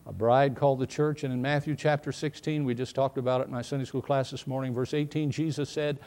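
A man preaching a sermon, swinging from quiet asides to emphatic, rising bursts. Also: on the high side, fairly even intonation, quick pace. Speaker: pastor.

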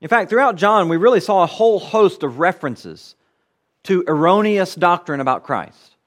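High-voiced man preaching a sermon. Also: expressive, normal speed, fairly bright tone. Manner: earnest, emphatic teaching with repeated phrases. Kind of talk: expository sermon.

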